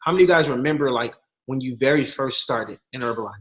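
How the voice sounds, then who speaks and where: A young man speaking as a guest gives a casual, slangy motivational talk, telling stories animatedly with voiced quotes. His voice is medium-pitched and his pace quick.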